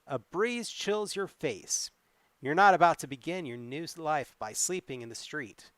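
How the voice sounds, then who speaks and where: A man's voice: on the high side, lively intonation, a little slow, fairly bright tone, dry recording. A man streaming a solo tabletop adventure, reading its text aloud and adding wry asides. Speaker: solo game player and streamer.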